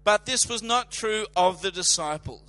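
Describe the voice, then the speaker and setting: Bright, forceful high-voiced preacher. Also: male voice, moderate pace, no room sound. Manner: dramatic, emphatic preaching with swells of volume. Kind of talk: sermon.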